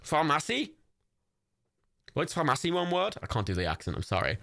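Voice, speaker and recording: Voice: mid-range voice, big pitch swings, fast, creaky, a bit bright, dry recording. A young adult streamer hosting a watch party, chatting casually, reading out chat and gifts, swearing freely and laughing often.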